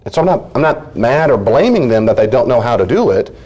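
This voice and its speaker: A man, a counselor, teaching a marriage class in a lively, conversational way, breaking into quick acted-out bits of dialogue. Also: medium pitch, slightly rough. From United States. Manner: animated, acts out little dialogues in changed voices.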